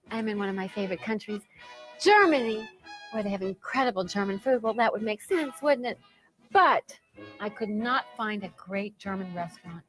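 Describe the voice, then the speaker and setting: Teasing giggly woman host, mouth full of food half the time, middle pitch, faint music. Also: lively intonation, normal speed, a bit bright. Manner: talks while chewing. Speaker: late-night show host. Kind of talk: playful casual chat.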